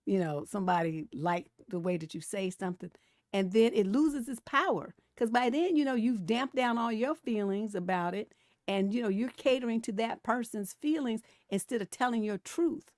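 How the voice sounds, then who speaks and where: A middle-aged woman hosts a casual relationship-advice livestream in a fairly high voice. She talks bluntly and with plenty of profanity, shifting between laid-back chat and heated outbursts. The sound is close and dry. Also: lively intonation, moderate pace, a little mellow, dry recording. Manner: laughs between points. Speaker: relationship coach hosting a livestream.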